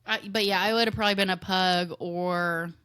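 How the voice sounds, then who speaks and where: A woman's voice: on the low side, steady tone, normal speed, bright, forceful tone, clean tone, no echo, clean studio sound. A woman co-hosting a casual chat podcast, playfully reading questions to her friend. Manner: asks questions from a list, playful. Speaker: podcast co-host.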